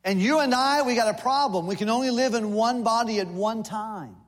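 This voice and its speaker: Folksy humor, lists and playful asides fill the sermon of a visiting missionary preacher in his sixties, speaking in a church sanctuary. His voice is very high-pitched and a little fast, echoing like a large hall.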